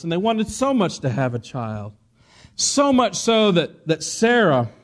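A man preaching a sermon as a pastor, asking the congregation for responses and dropping in joking asides. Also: a little high.

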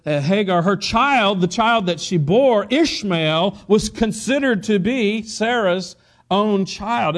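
A man preaching a sermon as a pastor, asking the congregation for responses and dropping in joking asides. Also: high-pitched.

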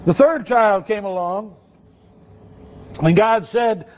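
Man preaching, high voice, chatty sermon, questions to the audience, dull lo-fi recording. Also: slow, pauses often, a little mellow, a little hiss or hum. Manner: conversational, asks the audience questions.

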